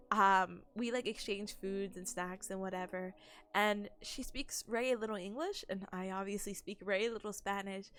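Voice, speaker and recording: A young woman streaming a casual study session, bubbly and chatty, laughing often as she talks. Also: a little high. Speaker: student streamer. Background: soft lofi music.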